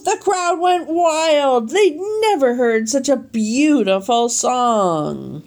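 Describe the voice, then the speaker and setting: Slow, animated woman reading a storybook aloud. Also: high voice. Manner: animated, slow and deliberate, leaning into sound effects. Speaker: storybook reader. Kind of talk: expressive read-aloud storytelling.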